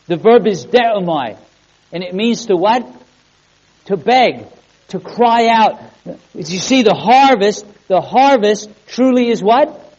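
A male pastor with a notably high voice preaches with earnest emphasis. He repeats key words and throws questions out to the congregation. The sound is a little dull and muffled. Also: animated, slow, darkish tone. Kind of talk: sermon.

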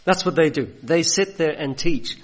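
A man's voice: fairly high pitch, lively intonation, normal speed. A man preaching a sermon, retelling a gospel story and acting out the voices of its people. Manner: storytelling, acts out voices of biblical figures.

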